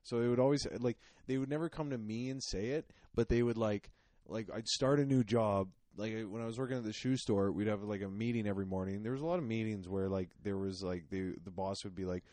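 A young man with a lowish, mellow voice tells rambling, self-mocking stories full of fillers. It is casual comedic podcast chat, recorded close and dry. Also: steady tone, fairly quick, no room sound. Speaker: podcast co-host.

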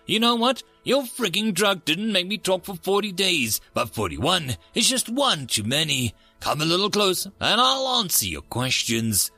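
Guy doing a cocky prisoner in a sci-fi story, taunting and crude, lively gravelly voice. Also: high voice, normal speed, hardly any pauses, no echo, faint music behind, pitched above the performer's own voice, exaggerated voice. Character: defiant captured human male prisoner, mocking.

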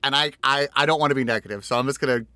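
A man's voice: medium pitch, racing, bright, forceful tone, no room sound. A man co-hosting a podcast in casual chat, with a mumbling, sarcastic way of talking that often trails off. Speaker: podcast co-host.

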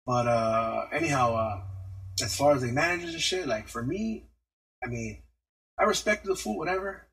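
A man's voice: mid-range voice, lively intonation, normal speed, fairly bright tone, breathy edge, poor audio. A man telling a story in a casual podcast rant, heavy on slang and cursing. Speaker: podcast host.

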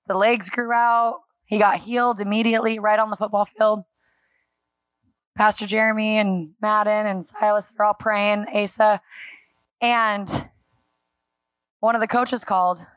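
A woman preaching a sermon to a church congregation, telling stories with animated acted-out dialogue. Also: on the high side, dry recording. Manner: animated storytelling, acting out dialogue and laughing.

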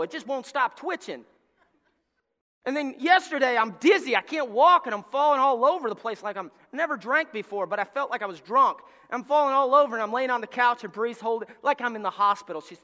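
Middle-aged pastor, storytelling sermon, high bright voice, long hall reverb. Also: male voice, expressive, normal speed. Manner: storytelling preacher, swings from shouting to near-whispers.

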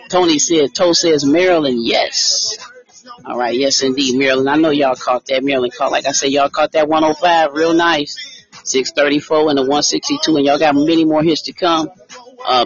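A man hosting a casual live stream, chatting with viewers by name and reading out lottery numbers. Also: a little high. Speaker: livestream host giving lottery picks. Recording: dull lo-fi stream audio with faint music.

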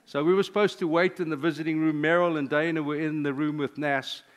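An older man, a pastor, preaching a sermon with personal stories, sometimes dropping to a hushed confessional tone. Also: on the high side, fairly even intonation, a little fast, clean tone.

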